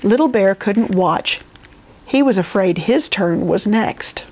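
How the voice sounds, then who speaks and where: A woman librarian reading a picture book aloud in a gentle, expressive storytelling manner. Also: mid-range voice, slow pace.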